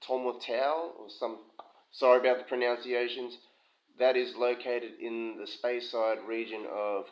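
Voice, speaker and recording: A man talks casually through a review, chatty and rambling with plenty of asides. His voice sits at a middling pitch. He is recorded in a home kitchen, and the sound is dull and lo-fi with a slight room echo. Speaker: whisky reviewer.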